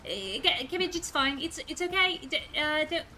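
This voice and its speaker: Gentle young female friend voiced by a woman, high and bright, hesitant and comforting. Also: expressive, a little hiss or hum. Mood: soothing. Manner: soft, halting reassurance. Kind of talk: tabletop role-play.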